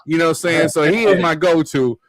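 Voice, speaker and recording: A man's voice: fairly high pitch, a little fast, no room sound. A man hosting a casual live-stream chat, telling laughing stories and quoting others. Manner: laughing, animated storytelling with quoted voices. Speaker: host.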